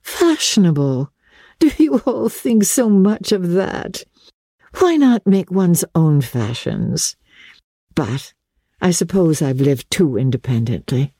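A woman reading aloud voices a poised, worldly young countess who speaks softly and candidly. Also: lowish voice, very animated, takes it slowly, husky, no room sound, studio quality, pitched above the performer's own voice, exaggerated voice. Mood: musing.

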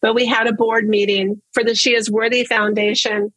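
Earnest husky woman sharing her story. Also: fairly high pitch, level tone, moderate pace, fairly bright tone, no room sound, low-quality recording. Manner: earnest, open, repeats words for emphasis. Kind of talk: casual personal testimony.

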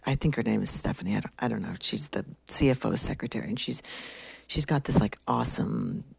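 A woman's voice: very deep voice, huge pitch swings, a little fast, vocal fry, darkish tone, husky, no room sound. A woman telling a story in a conversational way, often dropping to a whisper. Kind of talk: comic storytelling monologue.

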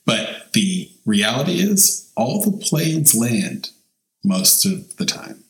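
A man's voice: mid-range voice, very animated, slow pace, echoey room, low-quality recording. A man co-hosting a casual podcast chat, talking emphatically and stretching key words. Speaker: podcast co-host.

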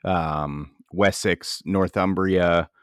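A man with a New England accent talks in a very low voice, relaxed and explanatory. The sound is dry and close, with no room around it. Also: very slow, smooth, no room sound. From New England, USA. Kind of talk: casual podcast chat.

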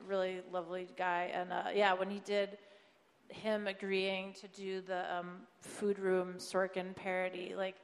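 A woman's voice: mid-range voice, completely flat delivery, measured pace, in a large hall. A woman on a live comedy panel, rambling with lots of fillers in an upbeat way. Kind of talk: panel Q&A, casual talk.

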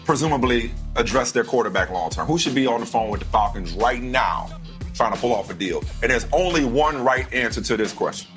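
A man hosting a sports talk show, debating with his co-host in a casual, animated way, often repeating himself as he talks. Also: medium pitch, brisk, faint music behind.

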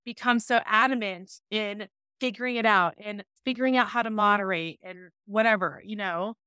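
On a podcast as a guest, a woman shares her own story openly and casually, dropping plenty of "like" fillers. Her medium-pitched voice moves at a moderate pace and sounds pushed, bright, and smooth. The recording is studio quality with no echo.

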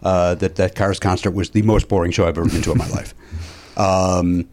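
A man hosting a casual podcast chat, rambling and filling pauses with frequent uhs and ums. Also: deep voice, fairly even intonation, a little mellow. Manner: rambling, with frequent filler sounds. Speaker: podcast host.

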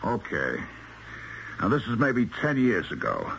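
A patient police lieutenant. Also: male voice, on the low side, wildly swooping pitch, a little slow, gravelly, fairly bright tone, slight background noise, heavily acted. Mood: probing. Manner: firm, coaxing questioning. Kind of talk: 1970s radio drama acting. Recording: dull lo-fi 1970s radio recording.

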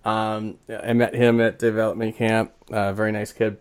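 A man's voice: on the low side, little pitch movement, normal speed, clean tone. A man hosting a casual sports podcast, rambling with lots of fillers and restarts. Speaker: podcast host.

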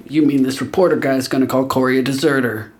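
An actor playing a blunt, matter-of-fact former soldier in an audio drama. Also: male voice, medium pitch, fairly even intonation, fast talker, darkish tone, breathy edge, natural voice.

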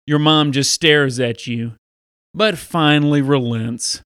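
A man's voice: on the high side, slow pace, clean tone, no room sound, studio quality. Upbeat pastor man teaching preteens. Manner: upbeat, animated. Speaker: pastor and podcast host. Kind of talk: storytelling and Bible teaching for preteens.

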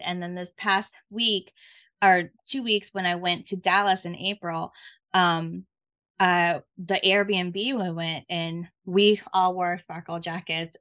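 A woman guest in a casual faith chat, talking excitedly with many fillers and restarts. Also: lowish voice, a little slow, dull audio. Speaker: podcast guest.

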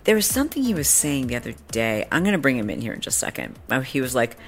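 A woman's voice: very deep voice, big pitch swings, fast talker, faint music behind. Brief: woman podcast host, casual storyteller, snarky and chatty.

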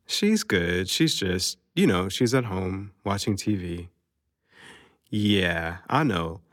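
A man playing a low, easygoing uncle. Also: takes it slowly, no echo, clean studio sound, full character voice. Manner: relaxed, drawling. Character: easygoing, affectionate middle-aged uncle.

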